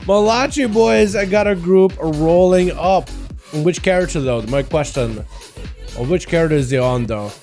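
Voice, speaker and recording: A man with a fairly high voice and a slight Russian accent chats casually as a game streamer, greeting his viewers in a slangy, laid-back way. Faint music plays behind him. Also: unhurried, a little mellow. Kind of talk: casual livestream chat.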